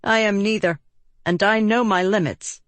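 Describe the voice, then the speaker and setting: Curt, sardonic young woman magician, read by a woman narrator; higher voice, measured, dry sound. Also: a bit bright, no room sound, close to an everyday voice. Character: tired, sharp-tongued young woman magician.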